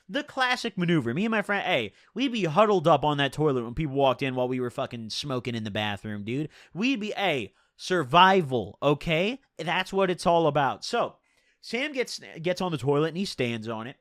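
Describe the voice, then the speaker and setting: A man's voice: a little high, lively intonation, moderate pace, a bit bright, dry recording, clean studio sound. A young man vlogger telling a personal story in a casual, slangy, profane, chatty way.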